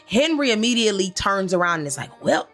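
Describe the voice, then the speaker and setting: A woman's voice: medium pitch, lively intonation, fairly quick, a bit bright, faint music behind. A woman in her thirties giving a comedic recap of a TV episode, telling the story in a playful, slangy way full of asides. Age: 30s.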